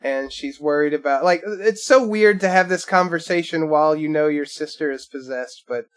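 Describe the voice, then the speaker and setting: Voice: medium pitch, normal speed. A co-host in casual movie chat who laughs often while recapping scenes. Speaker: podcast co-host.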